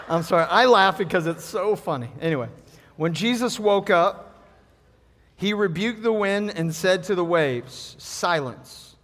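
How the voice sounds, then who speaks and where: High-voiced pastor in an echoing hall. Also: male voice, slight background noise. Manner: animated, jokey storyteller who acts out voices. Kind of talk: sermon. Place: church. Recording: reverberant church hall.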